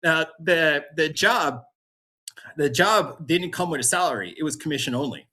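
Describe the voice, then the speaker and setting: A man's voice: a little high, expressive, moderate pace, bright, forceful tone. A man as a podcast guest, telling his story with energy, acting out other people's voices and laughing often. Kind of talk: storytelling interview.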